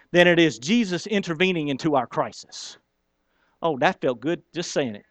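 A man's voice: a little high, fairly bright tone, no echo. A man preaching a sermon, talking to the congregation in a conversational way and acting out the lines he quotes. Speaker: pastor.

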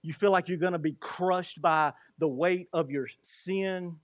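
A man preaching a sermon as pastor, impassioned, his voice rising and falling with quick bursts. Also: high voice, dry recording, clean studio sound.

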